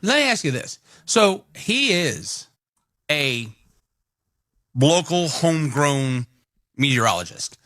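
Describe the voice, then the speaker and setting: A man's voice: fairly high pitch, very animated, slow, long pauses, bright, forceful tone, dry recording. A man co-hosting a morning radio show, talking in a rambling, conversational way at a studio mic. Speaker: radio co-host. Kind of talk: casual morning radio chat. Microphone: studio microphone.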